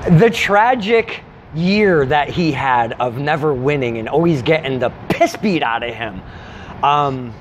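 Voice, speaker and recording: A man hosts a loose, chatty interview and gets worked up easily, laughing a lot as he talks. His voice swings widely in pitch. Faint traffic noise sits in the background. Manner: excitable, laughs often, lively voice. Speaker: interview host, wrestling commentator. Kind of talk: casual interview chat.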